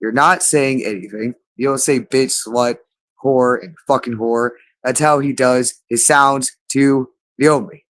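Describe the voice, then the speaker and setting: A man's voice: mid-range voice, fairly even intonation, a little slow, a bit bright. A man delivering a rambling monologue, insistent and repetitive, stretching out words for emphasis.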